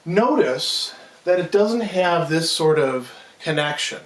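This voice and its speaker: A man's voice: a little high, lively intonation, takes it slowly. A man giving an unscripted philosophy lecture. He thinks aloud, restarts often and taps out rhythms with his voice. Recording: roomy echo, mic at a distance.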